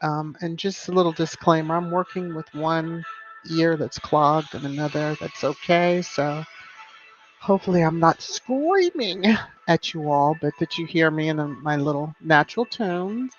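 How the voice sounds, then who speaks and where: A woman's voice: low-pitched, fairly even intonation, normal speed. Chatty woman hosting a live stream. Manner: chatty, sing-song greetings to viewers by name. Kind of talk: casual live-stream chat. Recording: slightly muffled, soft background music.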